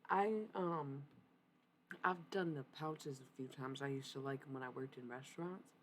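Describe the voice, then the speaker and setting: A woman doing a casual livestream reading, rambling, excitable and profane. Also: very deep voice, normal speed, slight background noise, rough recording.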